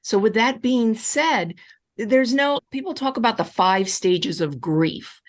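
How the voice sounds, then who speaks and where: An animated woman coach gives advice in a live Q&A, her pitch leaping up and down as she stresses each point. She is reassuring and insistent, and she circles back to the same comforting phrases. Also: slow. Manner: emphatic and reassuring, repeats key phrases; animated, with wide swings in pitch. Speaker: relationship coach answering audience questions. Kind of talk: live online Q&A advice session.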